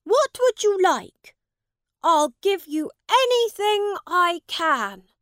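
A woman voicing a young boy king who is proud and earnest, speaking in a high, commanding voice. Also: very animated, takes it slowly, a bit bright, no room sound, clean studio sound, heavily acted.

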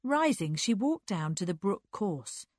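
Casting: unhurried audiobook narrator, woman, lively intonation, dry close sound. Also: mid-range voice, dry recording. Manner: unhurried, expressive.

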